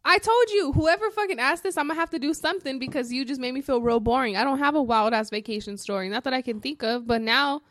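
A woman co-hosting a podcast, telling a story in a casual, profane, animated way. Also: high voice, fast, few pauses. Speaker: podcast co-host.

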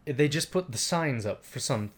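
A man's voice: mid-range voice, expressive, normal speed. A man in casual chat, telling a rambling story and swearing freely.

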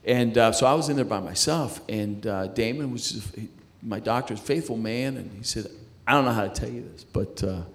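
Halting middle-aged man telling his story. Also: fairly low pitch. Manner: halting, repeats words and restarts while telling his story. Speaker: guest sharing a personal testimony. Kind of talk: conversational faith testimony.

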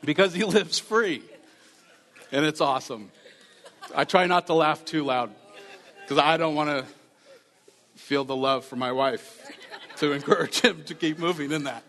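Pastor, male, fairly high voice, earnest everyday preaching in a church sanctuary with long reverb. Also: measured pace, pauses often, fairly bright tone. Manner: earnest, conversational preaching with repeated phrases. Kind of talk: sermon.

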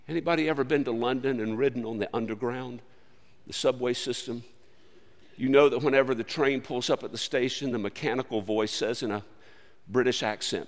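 A man preaching a sermon in an earnest, conversational way that swings between loud lines and hushed ones. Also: mid-range voice, expressive, a little fast, long reverb tail. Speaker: pastor.

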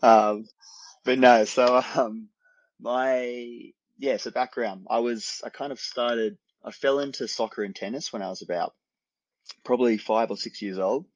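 An Australian endurance athlete in his thirties, with an Australian accent, chats casually as a podcast guest in an interview, easygoing and rambling with restarts and laughs. His voice is mid-range, steady and a little slow. The recording has no room sound and its highs are cut off.

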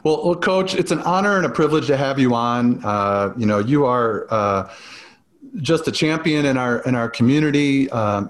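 Complimentary male podcast host. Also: mid-range voice. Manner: complimentary, halting with fillers. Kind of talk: podcast interview.

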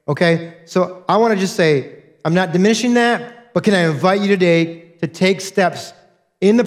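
Earnest male pastor preaching. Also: high-pitched. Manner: earnest, direct, repeats key points to the congregation. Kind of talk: sermon.

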